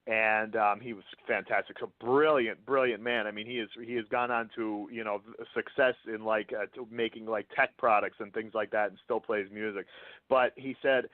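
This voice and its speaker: A man, an author guest on a radio show, telling a story in an animated way with hesitant fillers. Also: fairly low pitch, normal speed, no echo. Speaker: author and music journalist, guest. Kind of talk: interview storytelling. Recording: tinny phone line, dry.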